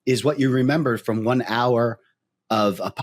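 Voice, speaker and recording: A man's voice: medium pitch, moderate pace. A man co-hosting a casual podcast, talking in an earnest, reflective way. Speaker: podcast co-host.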